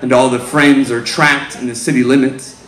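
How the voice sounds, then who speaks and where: A man's voice: flat delivery, fairly bright tone. Man reciting poetry in an echoey room. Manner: slow, incantatory, low-pitched delivery with lingering pauses. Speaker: poet reading his work. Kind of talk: spoken-word poetry reading.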